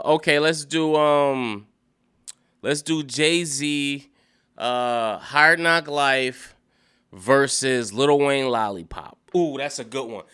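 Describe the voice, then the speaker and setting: A man's voice: mid-range voice, pushed and bright, clear, resonant tone. A man giving casual solo commentary, thinking aloud and rambling with many fillers and restarts.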